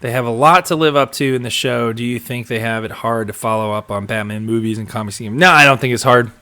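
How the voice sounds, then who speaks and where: A young man with a mid-range voice speaks fairly quickly in a pushed, bright tone while hosting a live stream. He rambles casually through viewer comments, reading and answering them with lots of ums, restarts and chuckles, often trailing off.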